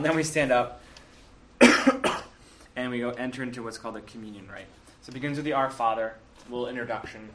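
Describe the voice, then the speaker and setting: A man's voice: on the low side, a bit bright, a little hiss or hum. A man casually walking listeners through the Mass, with fillers and self-corrections. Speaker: teacher explaining the Mass. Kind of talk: casual explanatory talk. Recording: roomy, from a distance, faint ambience.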